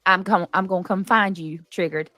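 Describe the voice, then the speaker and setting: A woman's voice: fairly low pitch, moderate pace, pushed and bright, dry recording. A woman hosting a casual livestream, chatting effusively and greeting viewers from the comments.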